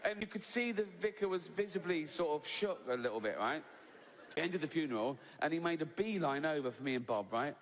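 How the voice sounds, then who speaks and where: A man's voice: on the high side, lively intonation, fairly quick. A man in his sixties with an English accent, telling a long stand-up anecdote in a chatty way, often asking "right?" and swearing. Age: 60s. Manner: chatty anecdotal delivery, peppered with "right?" and swearing, laughs at his own story. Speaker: stand-up comedian. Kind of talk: stand-up storytelling. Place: stage in a large hall with a live audience. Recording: reverberant hall, audience ambience.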